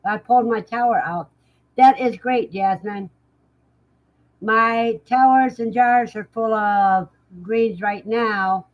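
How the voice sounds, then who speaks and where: Woman, livestream host, casual chat, unhurried, laughs often, slightly dull sound. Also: a little high. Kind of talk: casual chat, reading out live comments.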